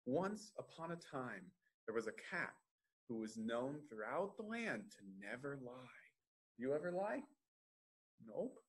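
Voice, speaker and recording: A man reading a story aloud to children at a library storytime, gently asking the listeners questions. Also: mid-range voice, very animated, measured pace, breathy edge.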